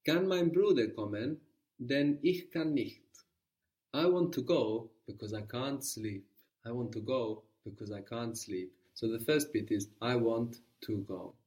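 A man's voice: mid-range voice, unhurried, a little mellow, distant mic. Patient man teaching a language lesson. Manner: patient, prompting with questions.

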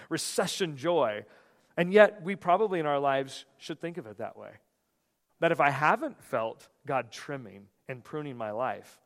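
A male pastor delivers a sermon in a middle-pitched voice, storytelling with lively energy and plenty of restarts. His words ring out with a long reverb, as in a large church sanctuary. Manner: animated storytelling with frequent restarts.

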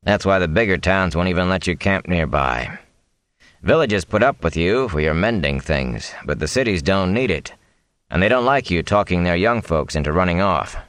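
A man reading aloud, voicing a gruff and blunt older woodsman in a storybook. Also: low voice, animated, moderate pace, fairly bright tone, no echo.

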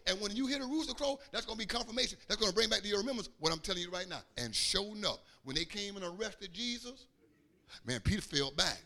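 A man pastor preaching a sermon, acting out quotes and building to loud shouts. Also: sits high, animated, fast talker. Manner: preaching with call-and-response rhythm and acted-out quotes, rising to shouts.

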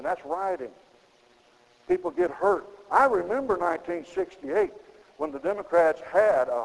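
Middle-aged preacher, gravelly and fairly high, folksy sermon in a long-echo hall. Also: male voice, a little mellow. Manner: folksy preaching with sudden high emphatic rises.

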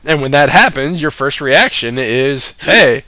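Man, casual chat, profane laughing storyteller, bright voice, dry recording. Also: medium pitch, animated, a little slow, dry recording.

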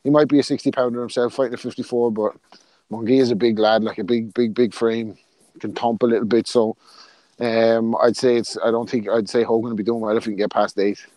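A man's voice: medium pitch, level tone, brisk, mellow, no echo. A man from Ireland co-hosting a podcast, speaking in easygoing casual chat with frequent fillers. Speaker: podcast co-host.

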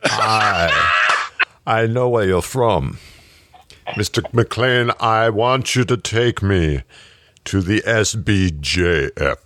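A man putting on a slow, solemn voice as a man asking to be guided somewhere. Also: fairly low pitch, lively intonation, bright, forceful tone, full character voice.

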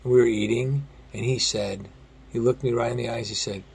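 A man preaching a sermon in an earnest way, slowing down and dropping his voice very low on quoted lines. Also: fairly even intonation, creaky, darkish tone, slightly rough. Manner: earnest, slows and drops to near-whisper on quotes. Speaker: pastor.

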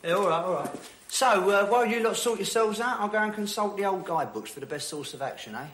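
An actor playing a brash, cocky builder, speaking in a television drama. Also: male voice, high voice, lively intonation, fast talker, a bit bright, full character voice. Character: brash cocky London builder, man, adult. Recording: TV audio with clear background noise.

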